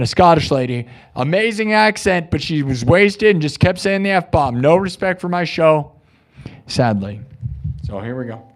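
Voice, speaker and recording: Male streamer, higher voice, loose rambling patter between songs. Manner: rambling, chatty, restarts sentences. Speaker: live-streaming musician and host. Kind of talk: casual chat over live looped music.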